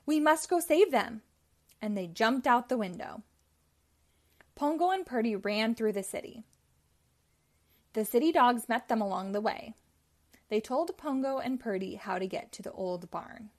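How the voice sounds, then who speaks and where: A woman reads a children's storybook aloud in a clear, expressive telling. Her voice is fairly high. Its melody rises and falls in a lively, animated way. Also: measured pace, pauses often. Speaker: storybook reader.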